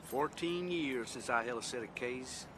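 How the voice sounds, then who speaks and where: A menacing ex-convict played by a man drawls in a put-on Southern accent, taunting and slow. He is heard in a film clip outside on a busy street, with traffic plainly audible behind him. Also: mid-range voice, close to an everyday voice. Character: menacing middle-aged male ex-convict, taunting.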